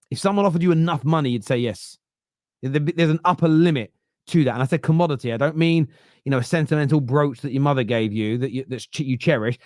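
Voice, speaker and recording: A man's voice: mid-range voice, dry recording, studio quality. A man with a Southern English accent hosting a football podcast, arguing his points at length in casual debate. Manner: argumentative, explains at length.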